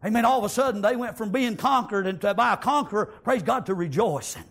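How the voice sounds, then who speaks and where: A man preaching a fiery revival sermon in a church, punctuating nearly every line with "amen" and shouted praise. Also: high voice, expressive, fast.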